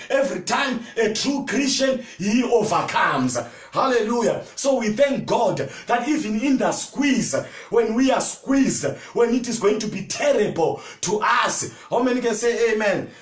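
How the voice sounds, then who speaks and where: Fervent preaching man, high and echoey. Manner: fervent preaching with call-and-response, often shouting. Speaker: pastor. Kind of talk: sermon. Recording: echoey room, from far off.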